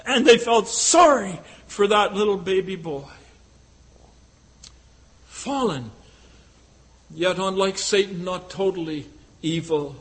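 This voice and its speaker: A man's voice: high-pitched, takes it slowly, long pauses, fairly bright tone, low-quality recording. A male preacher delivering a sermon, retelling a scripture story with rhetorical questions and frequent hesitant fillers.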